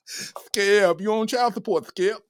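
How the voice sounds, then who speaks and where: A man's voice: high voice, takes it slowly, a little hiss or hum, voice pushed up. A man voicing a bossy woman who taunts a man about child support. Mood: taunting. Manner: taunting, sing-song repetition.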